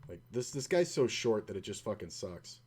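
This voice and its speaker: A man's voice: lowish voice, big pitch swings, moderate pace, darkish tone, husky. A man commenting on his own online poker play, swearing often and telling stories in a frustrated, ranting way. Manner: long anecdote with acted-out quotes.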